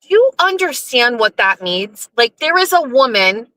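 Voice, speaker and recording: A middle-aged woman hosting a casual live stream, rambling, profane and animated, talking from her car in a driveway. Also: fairly high pitch, moderate pace, dry recording, low-quality recording.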